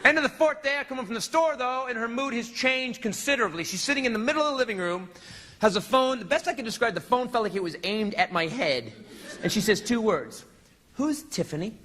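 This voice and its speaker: A man's voice: very high-pitched, fast. A male stand-up comedian telling a story on a club stage, acting out scenes in a noisy live club recording. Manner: animated, acts out scenes with shifting voices.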